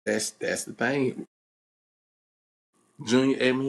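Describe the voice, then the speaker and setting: Animated young man telling a story. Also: medium pitch, takes it slowly, vocal fry, pauses often. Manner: animated storyteller, acts out quoted voices, laughs at himself. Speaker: podcast host. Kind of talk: casual storytelling chat.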